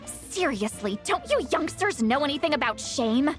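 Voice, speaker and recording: A woman's voice: sits high, big pitch swings, moderate pace, soft background music. A woman voicing a centuries-old woman in a youthful body, flustered, sighing and stammering, in video game dialogue.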